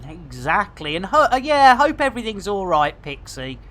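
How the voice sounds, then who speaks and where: A man's voice: sits high, big pitch swings, normal speed, bright, forceful tone. A man rambling casually to his chat while streaming a game. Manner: chatty, rambling, jokey.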